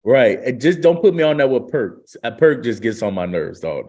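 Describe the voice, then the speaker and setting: A man's voice: mid-range voice, sing-song, moderate pace, darkish tone. A man, a podcast guest telling a story with lots of laughter and slang. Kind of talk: casual storytelling.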